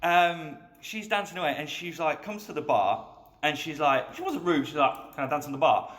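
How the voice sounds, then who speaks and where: A man's voice: fairly high pitch, normal speed. A man telling bartending anecdotes in a casual chat, acting out the voices of people in his stories. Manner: animated storyteller, acts out quoted voices. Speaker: guest bartender. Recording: roomy echo.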